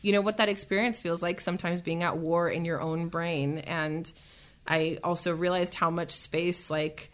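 A woman's voice: lowish voice, fairly even intonation, moderate pace. Bubbly, chatty young woman. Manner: chatty and bubbly, laughs often, many fillers. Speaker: musician and voice actor guest. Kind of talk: casual interview chat.

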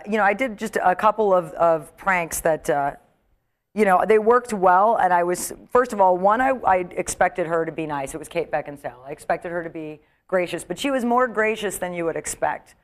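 A woman's voice: lowish voice, moderate pace. A woman comedian, a guest on a talk show, chatting casually and acting out quotes as she tells stories. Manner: chatty, animated storyteller, acts out quotes.

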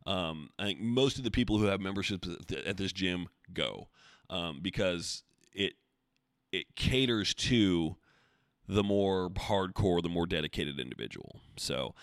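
Man, solo podcast host, rambling and jokey, lowish voice, dry close sound. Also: animated, measured pace, dry recording. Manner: rambling, self-deprecating, jokey. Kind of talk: casual solo podcast talk.

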